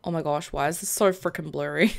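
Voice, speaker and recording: A woman live-streaming a game, chatting casually to viewers in a flustered, excitable way and exclaiming often. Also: low-pitched, a little fast, creaky. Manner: flustered, excitable, lots of "oh my gosh" and laughing.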